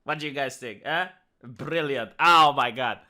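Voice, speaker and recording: A man's voice: medium pitch, unhurried, sharp tone. A man with a Romanian accent hosting sarcastic comedic commentary in a mocking tone. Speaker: commentary host.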